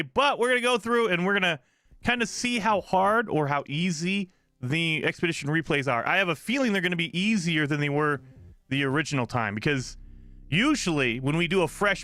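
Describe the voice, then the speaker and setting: A man streaming a game live, chatting casually and excitedly to his viewers while saying he is exhausted from little sleep. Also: fairly high pitch, no room sound. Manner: excitable, rambling, talks to chat. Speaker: gaming streamer.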